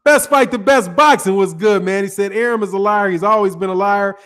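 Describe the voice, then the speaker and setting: A man's voice: high-pitched, fairly quick, a bit bright, faint music behind. A man from the North Side of Chicago with a Chicago accent, hosting a boxing channel live stream, talking loosely in slang and greeting chat viewers by name.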